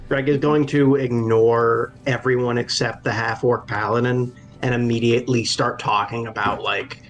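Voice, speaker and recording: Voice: medium pitch, steady tone, normal speed. A player in a tabletop game, casually explaining what their character does.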